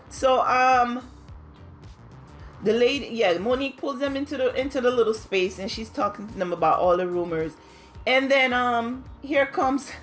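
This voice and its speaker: A chatty woman with a fairly high voice recaps a reality show in a casual, gossipy way. She acts out the cast's lines in high squeals. Soft music plays faintly behind her. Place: home, New York.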